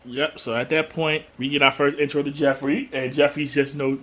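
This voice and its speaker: A man's voice: fairly high pitch, level tone, a little fast, a bit bright. A man co-hosting a podcast who casually retells a TV episode and acts out the characters' lines as he goes. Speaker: podcast co-host.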